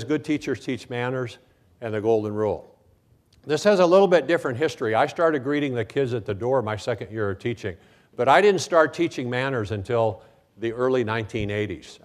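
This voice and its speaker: An older man addressing a conference audience, recounting his years in the classroom in a relaxed storytelling way. His pitch sits in an ordinary middle range, and he slips into quoted voices of students and himself as he goes. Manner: storytelling, acts out quoted voices, frequent "okay, now". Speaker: speaker at a conference. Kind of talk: keynote talk with anecdotes.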